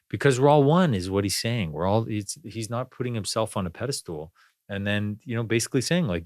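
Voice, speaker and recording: A man's voice: lowish voice, expressive, brisk, a little mellow, no echo, studio quality. A man hosting a podcast, talking in a rambling, reflective way with lots of fillers and restarts. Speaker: podcast host. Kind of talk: casual spiritual conversation.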